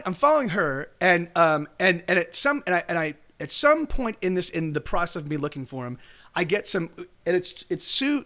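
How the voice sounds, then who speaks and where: A man on a live stream tells a long story in a loose, rambling way, restarting his sentences and acting out what people said. He talks quickly, and his voice sits high for a man. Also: a bit bright. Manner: rambling, full of restarts and acted-out quotes. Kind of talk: casual storytelling.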